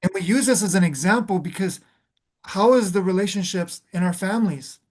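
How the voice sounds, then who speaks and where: A man's voice: high-pitched, a little fast, a little mellow. A man hosting a reflective spiritual conversation, speaking earnestly and calling the listener "beloved", often restarting his phrases as he searches for words.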